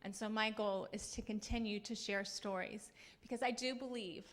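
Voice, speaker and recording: A woman's voice: mid-range voice, steady tone, moderate pace. A middle-aged woman from Kansas giving an earnest acceptance speech, telling stories with touches of humor. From Kansas, US Midwest. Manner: earnest storytelling with light humor.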